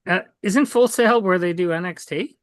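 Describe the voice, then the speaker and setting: A man co-hosting a podcast, teasing his co-hosts in an unhurried, wry casual chat. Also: sits high, no echo, studio quality. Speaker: podcast co-host.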